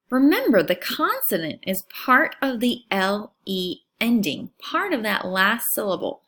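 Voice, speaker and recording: A woman teacher giving a recorded phonics lesson for young children, speaking clearly and stretching out words. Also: on the high side, sing-song, unhurried, fairly bright tone. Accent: American.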